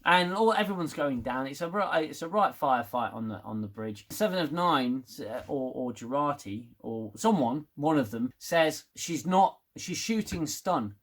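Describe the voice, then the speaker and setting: A man's voice: a little high, animated, moderate pace, hardly any pauses, fairly bright tone. A man giving a rambling, casual spoken TV review, swearing and getting worked up as he talks. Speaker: TV review vlogger.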